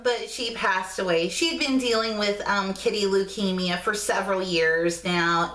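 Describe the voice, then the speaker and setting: A woman's voice: medium pitch, bright, forceful tone, echoey room. A woman hosting a casual motivational vlog, chatty and affectionate, sometimes cooing in baby talk. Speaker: vlog host.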